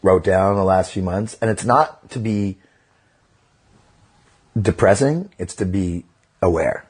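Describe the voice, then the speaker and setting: A man's voice: low voice, takes it slowly, a little mellow, husky. A middle-aged man, a comedian guest on a casual podcast interview, talking bluntly and with profanity, and telling stories animatedly.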